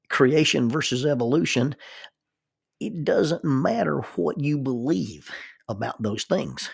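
A man's voice: medium pitch, creaky, slightly rough, dry recording, studio quality. An American man, a counselor and minister, telling a personal story in a casual, rambling way and often repeating words as he thinks aloud. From United States.

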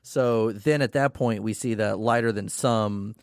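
Low-voiced man in casual recap chat. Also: measured pace, no echo, clean studio sound. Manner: casual, swears, acts out characters' lines. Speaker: podcast co-host recapping a novel.

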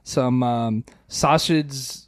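A young man co-hosting a podcast, telling stories in a loose, profane, animated way. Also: mid-range voice, drawn-out words. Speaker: podcast co-host. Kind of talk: casual chat.

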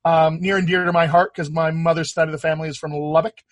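A man's voice: fairly high pitch, little pitch movement, no echo. Patient man coaching an accent. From United States. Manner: patient, explanatory, drawn-out teaching. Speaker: dialect coach. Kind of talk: coaching an accent on a talk show.

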